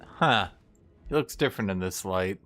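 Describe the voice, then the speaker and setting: A man's voice: low voice, lively intonation, normal speed, fairly bright tone, soft background music. A young man streaming a strategy game, chatting to his viewers with wry remarks and sudden exclamations. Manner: talks to chat, wry, exclaims and trails off. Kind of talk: casual gameplay commentary.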